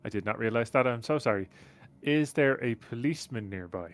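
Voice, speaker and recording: A man's voice: mid-range voice, lively intonation, a little fast. A man playing a reverend in a tabletop game, polite and apologetic, putting on formal old-fashioned speech. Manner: polite, apologetic, mock-Victorian. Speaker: player. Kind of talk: tabletop role-play, in-character speech.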